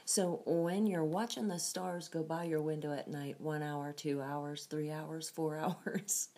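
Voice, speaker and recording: A woman's voice: low voice, fairly even intonation, a little slow, few pauses, warm tone. A woman hosting a casual devotional talk, often laughing and thinking aloud as she goes. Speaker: host of a devotional show.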